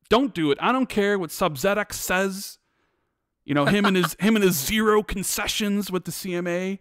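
High-voiced man ranting emphatically. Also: brisk, no room sound, studio quality. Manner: animated, emphatic ranting with repetitions. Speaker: podcast co-host. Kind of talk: casual podcast chat.

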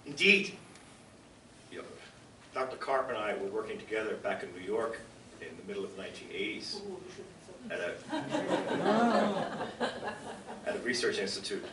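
A man's voice: on the low side, big pitch swings, a little fast, long pauses, background noise. An older man giving a public lecture to a room, emphatic and fond of rhetorical questions and asides to the audience. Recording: echoey lecture hall from far off.

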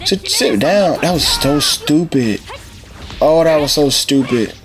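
A young man giving excited, trash-talking commentary as he plays a fighting game. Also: fairly high pitch, takes it slowly. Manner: excitable trash talk, shouting at the screen. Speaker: gaming channel host. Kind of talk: live gameplay commentary. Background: game music.

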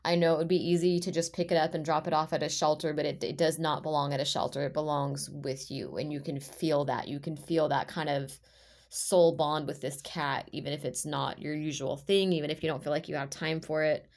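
A woman giving an intuitive tarot reading to her viewers, talking in a rambling, heartfelt way with many halting restarts. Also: low-pitched, flat delivery, a little mellow. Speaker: tarot reader.

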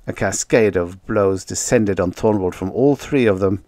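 A man narrating a vintage science fiction story in a measured storytelling manner. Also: sits low, darkish tone, no echo, studio quality. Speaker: audiobook narrator. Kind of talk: scripted narration.

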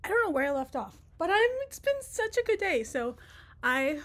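A woman's voice: sits high, big pitch swings, normal speed, a bit bright. A young woman chatting casually in a vlog, bubbly and giggly, rambling, a little out of breath. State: out of breath from dancing. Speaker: vlogger and teacher. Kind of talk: casual chat.

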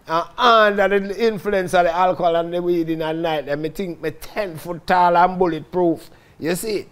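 A man with a Jamaican Patois accent telling stories from his own life in a lively, dramatic way, often calling out to his listeners. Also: high voice, moderate pace. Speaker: storyteller recounting his life. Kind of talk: casual spoken autobiography.

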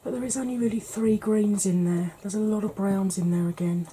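A woman chatting casually as a beauty vlogger, easygoing and quick to laugh, with the odd mild swear. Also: mid-range voice, steady tone, warm tone, slight background noise. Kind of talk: casual makeup declutter chat.

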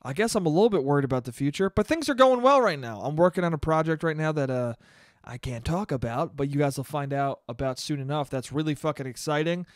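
A man's voice: a little high, fast, dry recording, studio quality. Profane rambling young man podcaster. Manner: profane, rambling, self-mocking. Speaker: podcast host and comedian. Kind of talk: casual solo podcast monologue.

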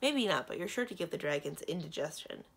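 A woman voicing a brisk, demanding young princess in a children's storybook. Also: deep voice, lively intonation, creaky, a bit bright, husky, heavily acted.

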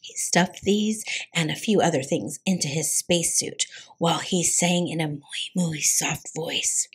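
A woman reading a picture book aloud for a preschool storytime, with an expressive, dramatic storyteller's delivery. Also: on the low side, measured pace, slightly rough. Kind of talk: children's read-aloud.

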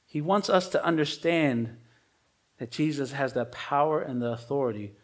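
A man delivers a sermon as a pastor in a relaxed, chatty style full of everyday slang. His mid-range voice moves at normal speed, rising emphatically at times and trailing off quietly at others.

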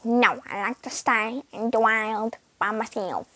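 A woman voicing her pet cat in a game, speaking in a low, sulky, grudging way. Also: measured pace, a bit bright, no echo.

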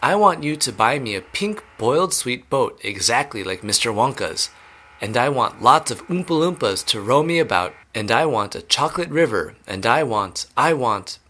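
A man's voice: medium pitch, very animated, normal speed, bright, forceful tone. A man voicing a spoiled, demanding young girl who keeps whining for what she wants. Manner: whiny, repetitive demands.

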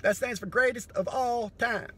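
A man doing a profane, sardonic comedy monologue that breaks into sudden loud bursts. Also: very high voice, normal speed, husky.

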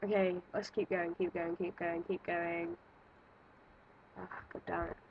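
A woman's voice: lowish voice, level tone, unhurried, creaky, narrow, tinny audio, a little hiss or hum. A woman giving nervous, jumpy let's-play commentary, thinking aloud and exclaiming as she plays. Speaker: gaming video creator.

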